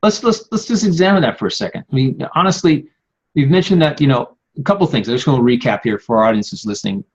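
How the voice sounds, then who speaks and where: Male podcast host, husky mid voice, recaps for listeners; muffled lo-fi recording. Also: medium pitch, lively intonation, quick pace. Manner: interjecting, recapping points for listeners. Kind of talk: casual conversational chat. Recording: dull lo-fi sound.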